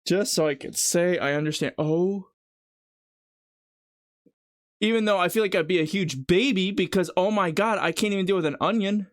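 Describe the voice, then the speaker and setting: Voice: mid-range voice, a little fast, no room sound, clean studio sound. A live streamer chatting casually and rambling while cooking at home, teary-eyed from an onion and poking fun at themself. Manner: rambling, chatty, self-mocking. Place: home kitchen.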